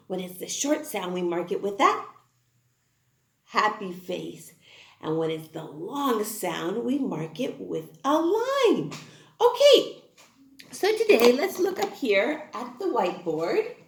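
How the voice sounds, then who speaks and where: A woman teaching an online phonics class to young children, encouraging and exaggerated, speaking slowly and clearly. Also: a little high, big pitch swings, roomy sound. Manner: sing-song, encouraging, slow and exaggerated for small children. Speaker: kindergarten teacher.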